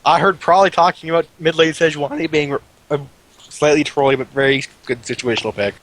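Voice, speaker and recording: A man co-hosting casual game commentary, giving quick, opinionated takes. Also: fairly high pitch, fairly even intonation, a bit bright, low-quality recording. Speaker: co-caster.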